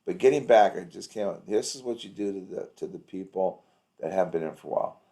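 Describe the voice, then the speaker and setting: A man's voice: low voice, fairly quick, gravelly, dark tone. A man coaching a practice owner over a video call, rambling through anecdotes with an upbeat, encouraging manner. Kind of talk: casual coaching chat.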